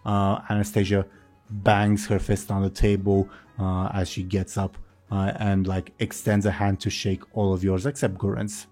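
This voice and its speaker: A man narrates a tabletop game as its game master, rambling and often correcting himself. His voice sits low with a dark, mellow tone, and faint music runs underneath. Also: flat delivery, moderate pace. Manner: rambling, self-correcting, casual.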